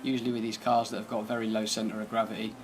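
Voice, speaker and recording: A man's voice: lowish voice, level tone, fast talker, background noise. A man giving casual, laid-back commentary over gameplay, thinking aloud as he drives and tests a car. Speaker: gaming channel host.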